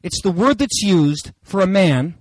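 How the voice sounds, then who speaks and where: A man preaching a sermon in an animated, dramatic way with playful asides. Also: high voice, measured pace, no room sound, low-quality recording.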